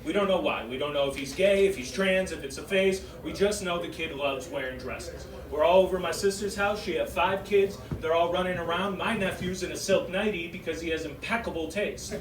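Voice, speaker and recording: A young man from Massachusetts with a Massachusetts accent doing a brash, animated stand-up set in a comedy club. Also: high-pitched. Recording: roomy club sound from far off with audience noise. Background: audience laughter.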